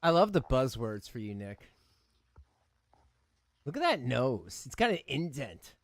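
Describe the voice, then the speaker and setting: A man's voice: medium pitch, very animated, unhurried, no room sound. A man doing reaction commentary, mocking and scornful, often breaking into laughter. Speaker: commentary streamer.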